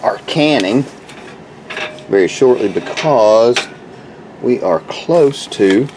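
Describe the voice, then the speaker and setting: A man's voice: mid-range voice, expressive, takes it slowly, noisy background. A man giving a folksy, rambling walk-through of his garden, often repeating words as he talks to viewers. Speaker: homestead vlogger. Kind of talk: casual walk-through chat. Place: outdoors in a garden.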